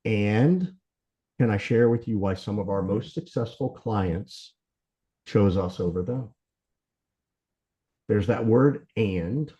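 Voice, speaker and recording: A middle-aged man from Georgia giving a sales training talk, talking fast and conversationally, often tagging lines with "right?" and "you know" while acting out sales dialogue. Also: fairly low pitch, warm tone. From Southern US, Georgia. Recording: slightly dull sound.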